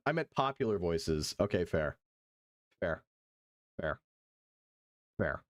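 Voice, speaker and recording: Profane, lively male streamer. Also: deep voice, takes it slowly, long pauses. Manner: profane, jokey, jumps between voices. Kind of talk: live stream reaction commentary.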